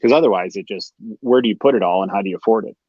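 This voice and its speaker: A man's voice: on the low side, rapid-fire, slightly rough, no room sound, muffled recording. A man hosting a live show in casual chat, enthusiastic and reading out viewer comments. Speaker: host of a live collectors' show.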